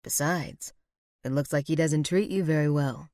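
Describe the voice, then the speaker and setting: A woman voicing a manipulative, smooth-talking villainous man in low, soft, menacing tones. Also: normal speed, dry recording, clean studio sound. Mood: coaxing.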